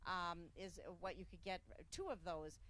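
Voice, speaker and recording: A woman's voice: lowish voice, normal speed, sharp tone. A woman hosting a live cooking segment, chatty and upbeat, with plenty of fillers as she promotes the ingredients.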